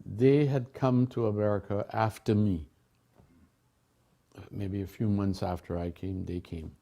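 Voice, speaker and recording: An older man from a Caribbean island telling personal memories in a relaxed, chatty way, laughing often and restarting his sentences. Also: fairly low pitch, a little slow. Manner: warm storytelling with frequent laughs and restarts. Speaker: devotee sharing memories. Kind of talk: casual reminiscence.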